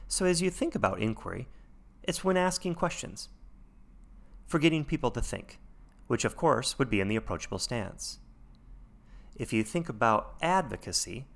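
A man hosting an instructional podcast, speaking in a measured, deliberate way that shows off his intonation. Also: mid-range voice, big pitch swings, vocal fry. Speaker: podcast host.

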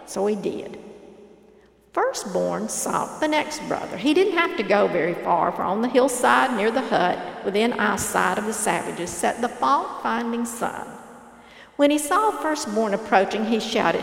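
A woman reading a parable aloud in a measured, earnest storytelling manner. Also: mid-range voice, animated, creaky. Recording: echoey hall reverb.

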